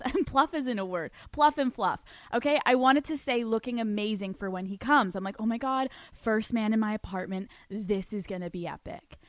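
A woman podcast host with a high voice tells a story casually and with plenty of energy. She swears freely and often laughs between words. The sound is dry and close, with no room echo. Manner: animated, profane, laughs often mid-sentence.

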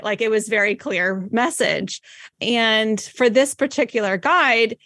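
A woman's voice: on the high side, takes it slowly, fairly bright tone, dry recording, studio quality. A young adult woman hosting a podcast, chatting casually and telling stories with playful animation. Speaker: podcast host. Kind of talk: casual chat.

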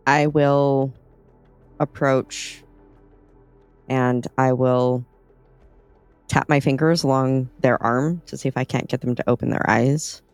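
A player in a tabletop role-playing game, deliberately stating actions. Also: medium pitch, fairly even intonation, darkish tone, smooth, no room sound, faint music behind.

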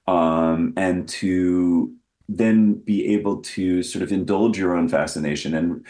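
Deep-voiced, rambling man in an echoey room. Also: fairly even intonation, slow pace, warm tone. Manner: rambling and self-deprecating, with many restarts. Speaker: guest actor. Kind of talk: casual interview conversation.

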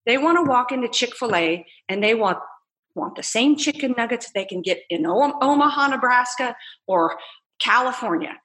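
Animated storytelling woman, lively delivery. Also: on the high side, normal speed. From United States. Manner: animated, laughing, acts out quoted voices. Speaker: entrepreneur guest. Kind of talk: casual storytelling interview.

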